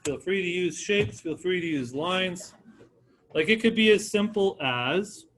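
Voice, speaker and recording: A man with a slightly raised pitch leads an art lesson. He talks to the class in a loose, encouraging way and calls on students by name. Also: animated, measured pace, a bit bright, a little hiss or hum. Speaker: art teacher. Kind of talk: classroom teaching.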